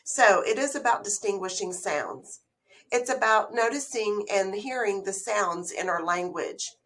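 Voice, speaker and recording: A female literacy educator walks through a recorded slideshow lesson on early reading, patient and explanatory, questioning the listener as she goes. Her mid-range voice is a bit bright, with lively intonation and a slightly slow pace.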